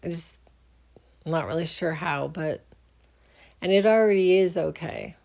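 A woman's voice: lowish voice, measured pace, creaky, a little mellow. A middle-aged woman hosting a podcast, telling a personal story in a rambling, earnest, reflective way. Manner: rambling, earnest, often restarts; faith-minded, reflective. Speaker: podcast host.

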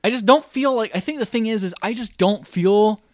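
A man's voice: high voice, a little fast, no echo, clean studio sound. A man co-hosting a casual movie review podcast, rambling as he retells scenes and acts out the lines. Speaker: podcast co-host.

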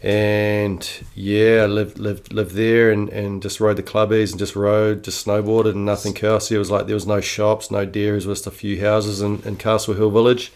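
A man's voice: fairly low pitch, level tone, moderate pace, few pauses, darkish tone. A middle-aged man with a New Zealand accent, telling stories in a casual, slangy interview, swearing freely. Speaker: interview guest. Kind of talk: casual storytelling.

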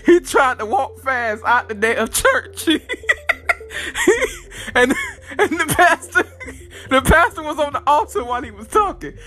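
A podcast host man with a bright, tense edge to his voice and pitch that jumps all over. He talks loose and profane, straight to his listeners, with faint music sitting underneath. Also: very animated, unhurried, long pauses. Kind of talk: casual comic storytelling.

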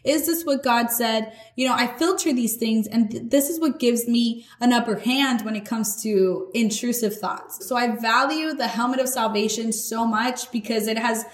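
In an echoey room, a woman hosting a podcast shares sincere faith reflections in a relaxed, slangy, conversational way. She sounds slightly high-pitched, keeps a moderate pace, and rarely pauses.

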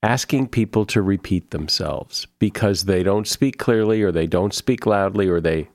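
Low-voiced man hosting an interview. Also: no echo, studio quality. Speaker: podcast host. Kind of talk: interview conversation.

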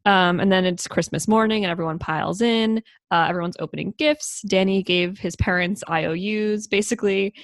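A young woman co-hosting a casual chat, relaxed and wry. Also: mid-range voice, brisk, few pauses, no room sound, clean studio sound. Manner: relaxed and wry, with frequent ums and laughs. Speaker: podcast co-host. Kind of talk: casual chat recapping a movie.

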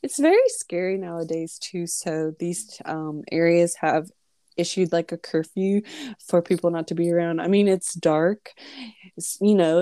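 A woman's voice: lowish voice, mellow, no echo, studio quality. A woman co-hosting a podcast, casually summarizing a news story with lots of fillers. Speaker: podcast co-host.

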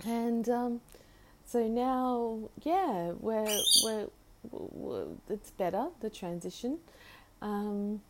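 A woman hosting a casual solo podcast from home, talking in a halting, rambling way with restarts, and cooing to her pet bird in a sweet, high voice. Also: heavy background noise. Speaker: podcast host.

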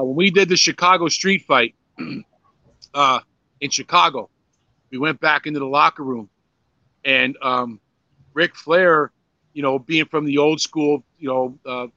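A man's voice: medium pitch, bright, forceful tone, dry recording. An older man, a former pro wrestler, telling rambling, profane stories in a casual interview, full of "you know"s and restarts. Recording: dry, slightly dull lo-fi sound.

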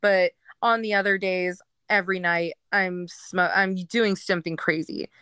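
A woman's voice: on the low side, steady tone, a little slow, pushed and bright, smooth, dry recording. A woman candidly telling her personal story as a guest, in a frank, rambling way with frequent fillers.

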